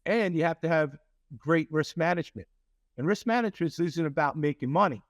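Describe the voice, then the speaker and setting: A man's voice: a little high, brisk, no room sound, clean studio sound. A man, a company CEO, telling a story in an interview with many fillers and restarts, acting out quoted lines.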